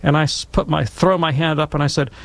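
Gravelly middle-aged man telling stories. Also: fairly high pitch, fairly quick. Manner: wry, self-deprecating, animated anecdote teller. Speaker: Catholic discussion speaker. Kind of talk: storytelling and theological commentary.

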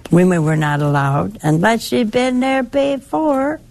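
An older woman giving a sermon in a conversational, lively way, teasing and chiding her listeners affectionately. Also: on the high side, gravelly. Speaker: preacher.

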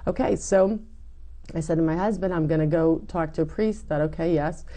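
A middle-aged woman giving her personal testimony in an interview, animated and acting out what people said. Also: low voice, normal speed. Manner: animated storytelling, acts out quoted lines. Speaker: guest telling her faith story.

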